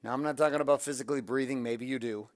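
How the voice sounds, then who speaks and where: A man's voice: mid-range voice, steady tone, rapid-fire, no echo, studio quality. A man hosting a motivational talk, coaching listeners through breathing and counting out drills with energy. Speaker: motivational podcast host.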